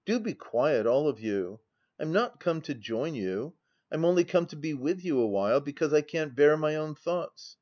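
Male reader doing an earnest young gentleman quitting drink, solemn and agitated, slightly raised voice, dull lo-fi sound. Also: fairly high pitch, expressive, moderate pace. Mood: weary.

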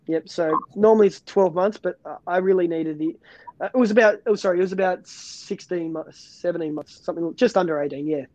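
A man's voice: sits high, a little fast, darkish tone, no room sound, highs cut off. A man, a pastor, giving an earnest personal faith testimony in an interview, often restarting and repeating words.

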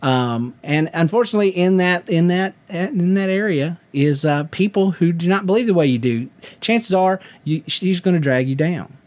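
A man voicing a loud, charismatic male Southern preacher in a mock sermon with a Southern accent, folksy and emphatic. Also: high-pitched, expressive, normal speed, pitched above the performer's own voice. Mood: preachy.

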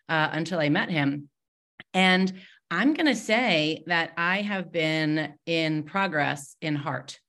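A woman guesting on a podcast interview, telling her story in a candid, open way. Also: low-pitched. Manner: warm, candid storytelling with fillers. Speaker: podcast guest, mindset mentor.

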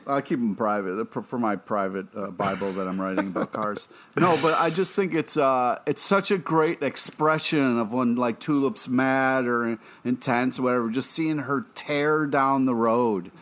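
A man with a mid-pitched voice gushes over a TV show with his podcast co-hosts. He rambles a little, leaning on fillers as he builds his point. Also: moderate pace, fairly bright tone. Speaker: podcast co-host. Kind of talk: casual chat.

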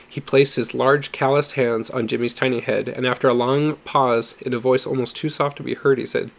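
A man reading a story aloud in a steady, measured narration. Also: medium pitch, gravelly. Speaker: audiobook reader.

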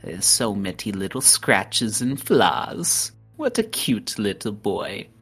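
A woman's voice: extremely low pitch, sing-song, slow pace, a bit bright, breathy edge, faint music behind, full character voice. A woman voicing a sly, sickly sweet old hag granny who calls everyone dearie. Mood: sugary scheming.

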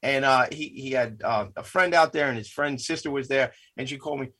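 A man co-hosting a podcast, joking and playful, telling stories in a casual, animated way. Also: mid-range voice, brisk. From New York area, Long Island. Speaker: podcast co-host.

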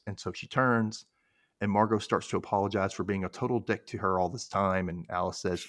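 A man's voice: on the low side, steady tone, fairly quick, dry recording, clean studio sound. A young man hosting a podcast, casually recapping a TV episode and acting out characters' lines in exaggerated voices. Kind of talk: casual chat.

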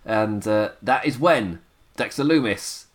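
A man's voice: on the low side, unhurried. A young man, his voice worn down and a little tired, recapping wrestling in a rambling, chuckling solo podcast chat full of fillers. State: voice worn down, sipping tea.

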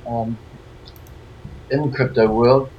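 A man with a New Zealand accent, a guest talking casually in an interview, relaxed and rambling with plenty of fillers. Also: medium pitch, slow, highs cut off, a little hiss or hum.

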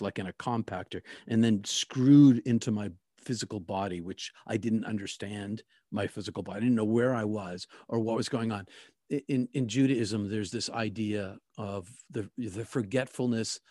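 A man recounting a personal experience in a reflective, halting way, often restarting his sentences. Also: lowish voice, a little mellow, dry recording, studio quality. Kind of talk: personal testimony.

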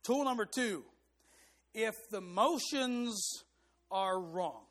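A man with a fairly high voice delivers a sermon. He speaks emphatically and now and then sings short hymn phrases to demonstrate a rhythm. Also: lively intonation, slow pace, a bit bright. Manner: emphatic, rising for stress. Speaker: preacher.

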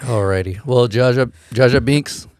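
A man's voice: mid-range voice, moderate pace, a little mellow, no echo, studio quality. A man co-hosting a podcast, talking loosely with lots of swearing and jokes. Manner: loose, profane, joking. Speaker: podcast co-host. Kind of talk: casual podcast chat.

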